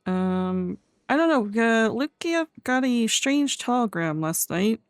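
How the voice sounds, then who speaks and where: A woman's voice: fairly high pitch, animated, slow pace, clear, resonant tone, dry recording, studio quality. A woman roleplaying in a game, chatting in character, laughing often and acting out what others said. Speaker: roleplayer playing an outlaw character.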